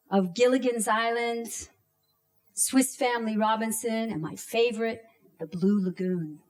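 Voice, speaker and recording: A woman in her thirties from Canada, telling a personal story on stage in a slow, deliberate way with dramatic pauses and acted-out shouts. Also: medium pitch.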